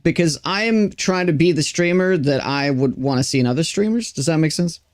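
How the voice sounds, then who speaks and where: A man's voice: a little high, lively intonation, a little fast. A Swedish-born man, a native Swedish speaker, streaming a game. He talks in casual, frank English with an American-sounding accent and often stammers and restarts his sentences. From Sweden. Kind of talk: casual live-stream chat while gaming.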